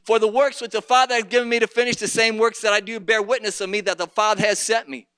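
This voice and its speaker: A man preaching a sermon in an impassioned way, asking rhetorical questions and rising to shouts. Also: high-pitched, little pitch movement, fast talker, smooth.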